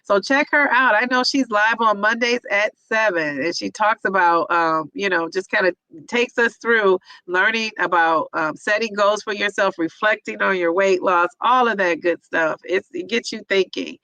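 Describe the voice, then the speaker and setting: A woman's voice: mid-range voice, normal speed, sharp tone, no room sound, rough recording. A woman hosting a casual livestream, reading viewers' comments aloud and cheering each of them on by name.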